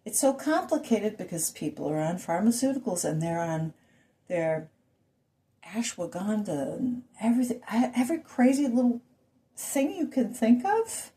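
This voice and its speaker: A woman's voice: medium pitch, sing-song, normal speed, dark tone. Woman ranting in a rambling vlog. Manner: rambling, with rhetorical questions and asides. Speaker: vlogger. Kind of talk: ranting monologue.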